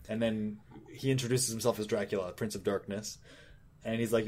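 A man's voice: on the low side, little pitch movement, fairly quick. A man co-hosting a casual podcast, recapping a comic in a rambling way with lots of fillers. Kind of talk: casual chat, retelling a comic.

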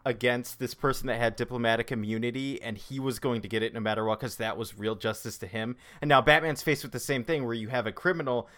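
A man's voice: mid-range voice, steady tone, quick pace, few pauses, fairly bright tone. Rambling man in casual chat. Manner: rambling, many fillers and restarts. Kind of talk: casual comic book discussion.

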